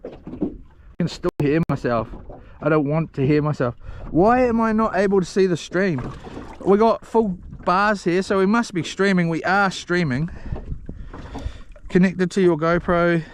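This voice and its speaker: High-pitched man, rambling live-stream fishing chat, scattered and excitable, outdoors on an action camera. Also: a little slow, long pauses, a little hiss or hum. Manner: excitable and scattered, with frequent restarts and mild cursing. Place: outdoors on a small fishing boat in the rain.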